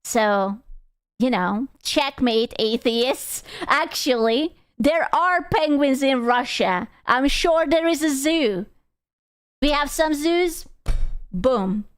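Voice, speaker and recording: A woman's voice: high voice, expressive, slow pace. A young woman streamer chatting casually with viewers, playful and giggly, swearing and reacting dramatically.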